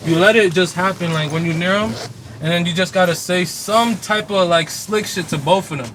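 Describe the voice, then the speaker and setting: A man's voice: high voice, moderate pace. A young man co-hosting a casual outdoor podcast, laid-back and talking through scenarios step by step. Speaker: podcast co-host. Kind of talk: casual banter. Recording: outdoor traffic noise behind.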